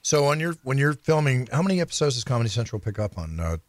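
A man's voice: medium pitch, big pitch swings, quick pace, no echo. A man hosting an interview show, telling stories eagerly and steering the talk with questions. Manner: enthusiastic, leading storyteller asking questions. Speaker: show host.

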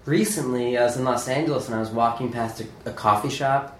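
Man, mid-pitch, rambling shy storyteller full of ums, recorded in a reverberant room with light hum. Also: fast talker. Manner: hesitant, self-deprecating, many fillers. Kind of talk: casual anecdote. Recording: echoey room, faint background hum.

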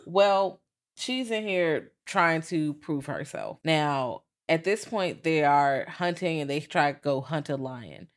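A woman's voice: deep voice, slow. A woman co-hosting a podcast, recapping a film in casual, profane slang and acting out the characters as she goes. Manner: animated storytelling, acts out characters, profane slang. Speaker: podcast co-host. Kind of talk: casual movie recap chat.

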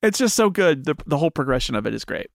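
Gravelly man, a bit high, casual host, hesitant and chatty, dry sound. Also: big pitch swings, quick pace, no echo. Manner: chatty, hesitant with many fillers. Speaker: podcast host. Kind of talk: casual chat.

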